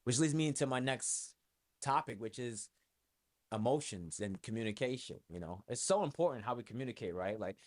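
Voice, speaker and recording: A man's voice: medium pitch, animated, fairly quick. A man from New York with a New York accent, hosting his own podcast in a loose, rambling, profane way with lots of fillers. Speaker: podcast host and music producer. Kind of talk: casual solo podcast talk.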